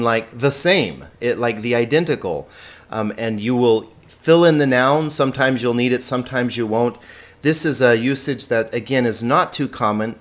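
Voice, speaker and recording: Upbeat man teaching a lesson. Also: mid-range voice. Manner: upbeat, chatty, laughs often, stresses key words. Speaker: Greek teacher. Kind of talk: recorded video lesson.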